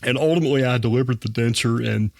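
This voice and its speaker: A man's voice: medium pitch, quick pace, gravelly, dry recording, clean studio sound. A man, a dentist telling a personal story as a guest on a podcast, folksy and earnest. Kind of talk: personal anecdote in a podcast interview.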